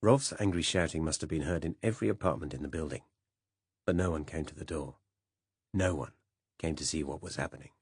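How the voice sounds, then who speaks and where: A man narrating a first-person spy novel as an audiobook in a measured, even way. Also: rumbling low, breathy edge, no room sound, studio quality.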